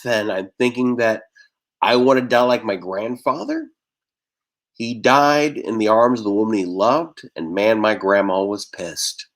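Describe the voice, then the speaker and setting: A man from Texas doing a stand-up set over a video call, firing off quick deadpan one-liners and putting on voices for the characters in his jokes. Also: medium pitch. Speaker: stand-up comedian.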